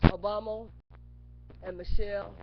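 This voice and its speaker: A woman preaching an impassioned monologue on a webcam. She repeats single words over and over and breaks into sudden shouts. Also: mid-range voice, level tone, measured pace. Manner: repetitive, chanting words over and over; bursts into shouts. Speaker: webcam speaker. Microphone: webcam mic. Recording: dull lo-fi webcam audio with clear noise.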